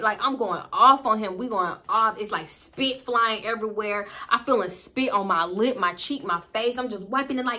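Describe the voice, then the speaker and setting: Young woman, storytime vlogger, bright tone, higher voice, profane, animated, laughing. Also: brisk, few pauses. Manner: animated, profane, laughing often, dramatic swings in loudness. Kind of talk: casual storytelling to camera.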